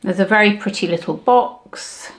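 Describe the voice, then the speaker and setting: A woman's voice: mid-range voice, moderate pace, background noise. A woman in her seventies talking casually in a vlog, chatting and reminiscing as she sorts through family keepsakes. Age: 70s. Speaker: vlogger.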